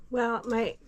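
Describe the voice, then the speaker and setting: A middle-aged woman vlogger telling a personal story in a casual, hesitant way, with many pauses and fillers. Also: fairly high pitch, dull audio, a little hiss or hum. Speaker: homestead vlogger.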